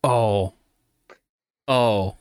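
A podcast co-host with a mid-range voice chats casually about casting choices. The delivery is animated and sarcastic, full of mock quotes. The recording is dry and close. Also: medium pitch, drawn-out words, clean tone, no echo.

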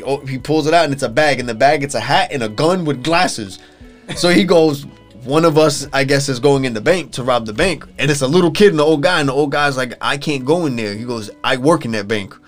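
A man's voice: medium pitch, a little fast, soft background music. A young man casually retelling a TV episode to friends, swearing freely and filling his talk with "like" and restarts. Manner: loose, profane storytelling full of fillers. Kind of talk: casual chat.

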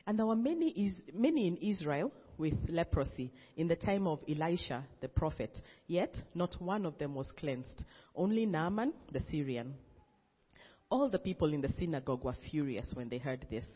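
Man, scripture reader, plain delivery, frequent restarts, husky tone, slightly high voice. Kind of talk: reading scripture aloud. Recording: dull, reverberant recording.

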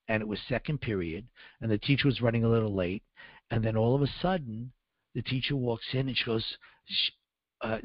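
A man's voice: on the low side, dry recording. Sixties man, guest telling his story, loose and rambling, dull dry recording. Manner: rambling with many fillers. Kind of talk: personal storytelling.

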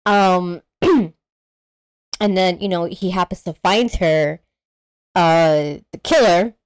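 Animated woman retelling a movie. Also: on the low side, slow pace, clean tone, dry recording. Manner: animated storyteller, acts out characters, swears freely. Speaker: podcast co-host. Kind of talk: casual movie recap chat.

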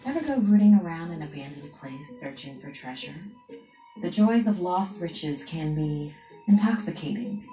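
Woman telling a creepy story, low voice, dramatic and hushed, echoey room with music. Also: expressive, moderate pace. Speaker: narrator. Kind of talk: scripted spooky story narration. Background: background music.

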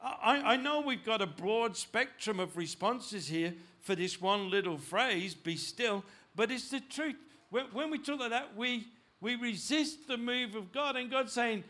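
A male pastor delivers a sermon with a high, bright and sharp voice. He preaches in an animated, unscripted way, often restarting and repeating words. His voice climbs loud and urgent in places. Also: a little slow, few pauses. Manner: animated preaching, rising loud when voicing God.

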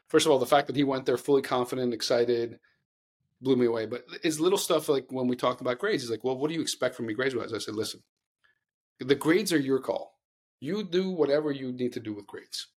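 Husky-voiced man telling earnest stories. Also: mid-range voice, brisk. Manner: earnest, rambling with many restarts. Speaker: podcast co-host. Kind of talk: casual storytelling chat.

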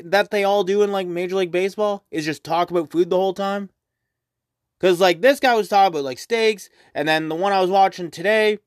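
Rambling high-voiced podcast host. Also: male voice, no room sound, studio quality. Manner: rambling, swears often, many fillers. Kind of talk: casual solo podcast monologue.

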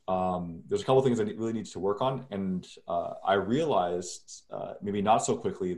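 Answering questions in a laid-back interview, a guest speaks in a somewhat low voice. His replies come out slow and loose, with plenty of fillers and restarted sentences.

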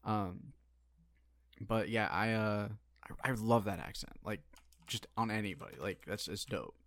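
A man's voice: lowish voice, measured pace, a bit bright, no room sound. A man with a West Coast American accent co-hosting a podcast in casual chat, eager and profane, often saying "like". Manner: enthusiastic, profane, says like a lot. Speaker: podcast co-host.

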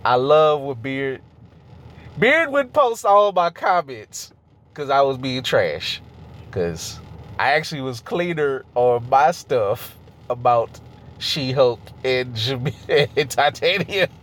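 Animated, laughing man co-hosting a podcast. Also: mid-range voice, takes it slowly, a little hiss or hum. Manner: animated, laughs often, swears casually. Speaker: podcast co-host. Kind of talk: casual chat.

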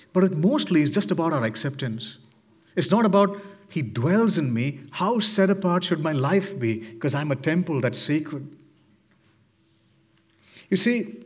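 A pastor preaching a sermon with earnest, pleading rhetorical questions, dropping low and soft whenever he quotes God. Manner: drops low and soft when quoting God.

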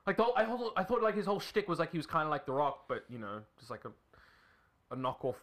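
A man's voice: fairly high pitch, quick pace, fairly bright tone. A man from South Africa in crude, joking casual chat, laughing as he talks.

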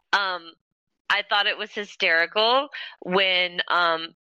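A woman co-hosting a podcast in loose, casual chat, laughing often and swearing freely as she rambles. Her voice is very bright and sharp, recorded dry and close with a dull, lo-fi tone. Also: mid-range voice, extremely slow, clear, resonant tone, no echo. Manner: giggly, swears freely, rambling with many fillers. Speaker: podcast co-host.

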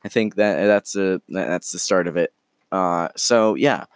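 A man casually telling an improvised story in a rambling, halting way, full of restarts. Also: deep voice, smooth, dry recording, studio quality. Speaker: storyteller, podcast host.

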